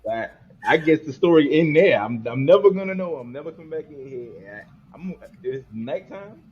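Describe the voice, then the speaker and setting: A man's voice: a little high, brisk, dull audio. Emphatic man swearing he'd flee. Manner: animated, emphatic, repeats himself for effect. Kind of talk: casual podcast chat.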